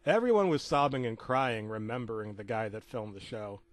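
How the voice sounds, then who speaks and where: A man narrating a comedic creepypasta with rambling deadpan asides and stumbling restarts. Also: mid-range voice, moderate pace, no room sound.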